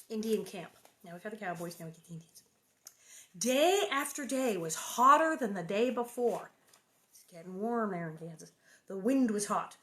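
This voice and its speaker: A woman reading a children's novel aloud to viewers, breaking off for playful, chatty asides and answering comments. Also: medium pitch. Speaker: reader hosting a book reading stream.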